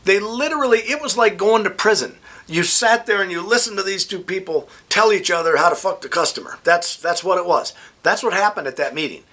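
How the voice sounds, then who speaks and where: Bright-voiced middle-aged man telling stories. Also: sits high, fairly quick. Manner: rambling, animated anecdotes with frequent restarts. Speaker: vlogger. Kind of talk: casual storytelling.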